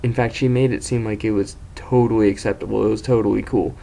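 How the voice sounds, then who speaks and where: Young guy vlogging, kinda low voice, rambly and cussing, laughs at himself a lot. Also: steady tone, quick pace, vocal fry, mellow. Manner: rambling, self-mocking, swears freely. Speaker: video host. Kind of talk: casual storytelling commentary.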